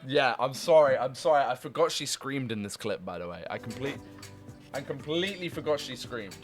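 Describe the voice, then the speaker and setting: Twenties guy streaming games, mid pitch, rambly and sweary, laughs a lot, bit of music in the back. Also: lively intonation, brisk. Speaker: gaming streamer. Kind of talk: casual stream chat.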